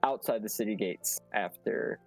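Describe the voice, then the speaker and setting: A man voicing his character in a tabletop game, halting and stammering as he talks. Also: on the low side, faint music behind. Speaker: player. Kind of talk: in-character tabletop role-play.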